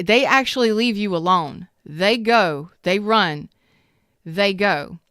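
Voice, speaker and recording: Woman tarot reader, casual and emphatic, smooth clear voice, dry close sound, repeats herself for effect. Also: fairly low pitch, a bit bright, no room sound. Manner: repetitive, emphatic, storytelling. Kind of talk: casual spoken tarot reading.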